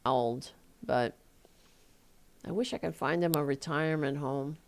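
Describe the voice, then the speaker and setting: A woman hosting a live talk show, ranting angrily with profanity and sarcastic mocking asides into a desk microphone. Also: unhurried. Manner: heated, profane, sarcastic, voice jumping high in mockery. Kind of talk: angry political rant on a live show.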